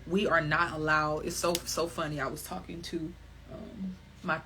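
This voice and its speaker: A woman hosting a wellness podcast, talking candidly on her own in an animated, emphatic way, swearing freely and laughing often. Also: low voice, normal speed, slightly rough. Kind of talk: candid solo podcast monologue.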